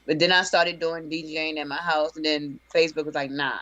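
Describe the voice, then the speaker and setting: A woman from Texas, a DJ, answering interview questions casually and telling stories in a relaxed way. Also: low voice, fast, lo-fi sound. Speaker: DJ and interview guest.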